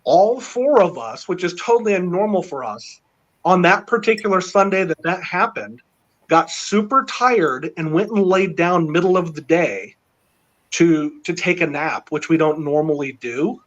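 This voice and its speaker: A middle-aged man telling a long story in casual chat, rambling and excited, with many fillers. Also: sits high, a little slow. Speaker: panel guest. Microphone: video call. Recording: dull lo-fi online call audio.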